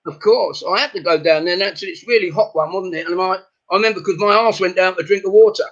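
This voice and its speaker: Male comedian, high bright voice, one-liners, dull video-call sound. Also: quick pace. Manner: rattles off one-liners, laughs at his own jokes. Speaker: comedian guest. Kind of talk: stand-up jokes in casual chat.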